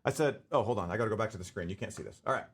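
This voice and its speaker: A man's voice: on the low side, very fast, breathy edge. A man in his forties giving a casual leadership talk to camera, conversational and full of fillers and restarts. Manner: conversational, full of fillers and restarts, laughs while telling stories.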